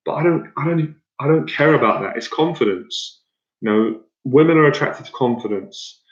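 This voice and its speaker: A man's voice: mid-range voice, lively intonation, normal speed. A man coaching an audience in a blunt, rambling way, often repeating himself and restarting his sentences. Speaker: dating coach. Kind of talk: motivational talk to an audience. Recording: echoey room, dull lo-fi sound.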